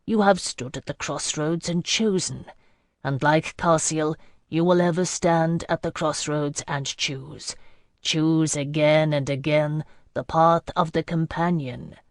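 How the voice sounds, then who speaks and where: A gentle old temple priest, as a woman narrator puts him on delivers a slow, solemn blessing. The voice sits low and close, in a dry, dead studio. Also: steady tone, no echo.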